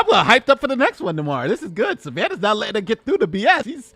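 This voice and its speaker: A man giving excitable reaction commentary, repeating himself and now and then bursting into shouts. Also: high voice, very fast, dry recording.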